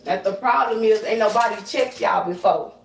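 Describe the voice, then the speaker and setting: This psychic medium vents on her livestream in a slangy, combative, foul-mouthed way. Her medium-pitched voice is creaky and moves at a moderate pace, with some hiss or hum in a roomy recording made well away from the mic.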